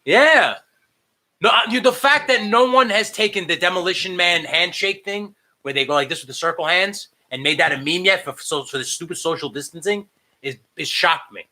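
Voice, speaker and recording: A man co-hosting a podcast from home, talking in a casual, animated and profane way. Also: high-pitched, normal speed. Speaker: podcast co-host. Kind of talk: casual chat. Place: home, remote recording.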